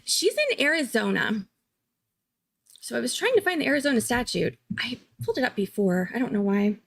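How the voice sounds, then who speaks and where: A woman hosting a casual live-stream commentary, chatty and excitable, thinking aloud and laughing often. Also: on the high side, a little fast, vocal fry. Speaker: true-crime commentary host.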